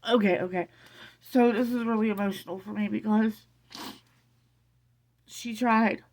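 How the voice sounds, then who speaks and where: A middle-aged woman telling a personal family story to camera in a casual, emotional way, halting and tearful. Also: mid-range voice, steady tone, a little mellow. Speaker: vlogger sharing family news.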